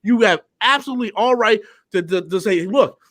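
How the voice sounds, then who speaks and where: A man's voice: high voice, fairly quick, a bit bright. A young man hosting a live online discussion, ranting with lots of swearing and stammering over repeated words. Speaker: show host.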